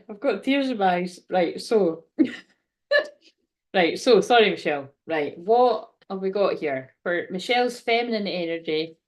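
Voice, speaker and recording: A chatty woman hosts a live tarot reading, talking straight to her viewers. She rambles warmly between cards, laughs easily and drops the odd swear word. Her voice sits at an ordinary middle pitch for a woman. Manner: chatty, laughs often, swears casually, reads viewer comments aloud. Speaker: tarot card reader and livestream host. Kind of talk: casual live-stream card reading.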